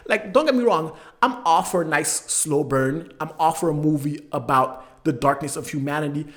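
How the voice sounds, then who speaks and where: A man hosting a movie review channel, ranting with exasperation and sarcasm, swinging between loud outbursts and muttered asides. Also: on the high side, normal speed.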